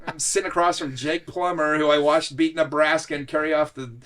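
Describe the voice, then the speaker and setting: A man's voice: on the high side, a little fast. A middle-aged man, a podcast guest, telling personal stories in a casual interview and often laughing as he talks. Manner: animated, laughs through stories.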